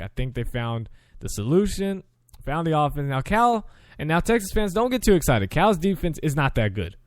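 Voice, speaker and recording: A young man hosts a sports show and works through his weekly picks in a loose, chatty way, stumbling and correcting himself as he goes. His voice sits a little high and comes through smooth. The sound is close and dry. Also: darkish tone, dry recording. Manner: chatty, self-correcting, frequent restarts. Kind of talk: casual sports picks commentary.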